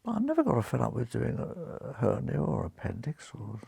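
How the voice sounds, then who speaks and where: A man's voice: medium pitch, fairly quick, gravelly, husky, dry recording. A British man in his nineties, a retired surgeon, telling anecdotes as an interview guest and acting out the voices in his stories. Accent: British English. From Britain. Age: 90s. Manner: lively raconteur, acts out quoted voices, chuckles.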